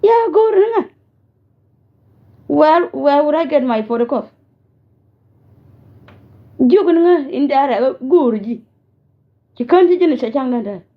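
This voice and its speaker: A woman from South Sudan delivers a scolding warning straight to camera, switching between languages as she lectures. Her voice sits fairly high, and the sound is tinny and narrow, like a phone line. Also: lively intonation, a little slow, long pauses. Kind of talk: direct-to-camera rant.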